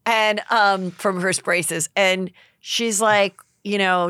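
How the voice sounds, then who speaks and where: Wanita berbicara cerah, bercerita dengan semangat. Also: female voice, medium pitch, unhurried, hardly any pauses, clear, resonant tone, no echo, studio quality. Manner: animated storytelling, acting out movie scenes. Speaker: podcast host. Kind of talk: casual chat.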